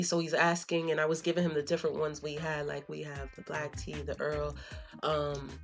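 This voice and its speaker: Low-voiced woman chatting in slang. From Florida, USA. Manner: conversational and storytelling, drops in slang and fillers. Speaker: vlogger. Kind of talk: casual talk to camera.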